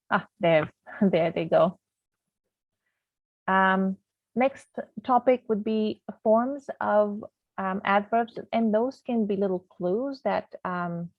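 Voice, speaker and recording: A woman's voice: lowish voice, vocal fry, no echo. A woman teaching a grammar lesson over slides in a chatty way, with many ums, sometimes losing her thread. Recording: tinny phone-like, dry sound.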